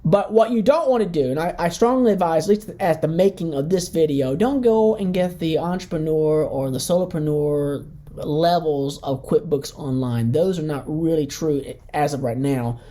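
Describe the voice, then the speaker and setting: A woman's voice: sits low, moderate pace, dark tone. A middle-aged woman business advisor giving a blunt, emphatic training lesson.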